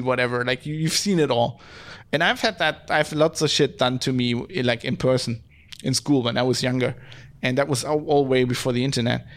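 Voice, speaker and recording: A man chatting casually on a podcast, rambling and swearing, with lots of filler words. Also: mid-range voice. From Germany. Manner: rambling, profane, heavy use of "like". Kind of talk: casual chat.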